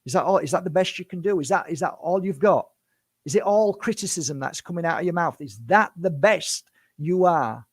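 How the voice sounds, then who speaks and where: A man's voice: on the high side, animated, moderate pace, breathy edge, no room sound, studio quality. A man in his fifties, a spiritual healer, speaking to camera in an impassioned, defensive monologue full of rhetorical questions. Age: 50s.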